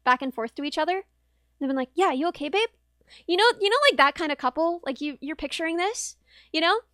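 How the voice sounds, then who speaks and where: A woman's voice: high-pitched, expressive, quick pace, bright, forceful tone, no room sound, studio quality. A young woman streamer telling a rambling, wry story in casual chat, with lots of fillers. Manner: chatty, rambling, wry, with laughs and many fillers. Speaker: vtuber streamer.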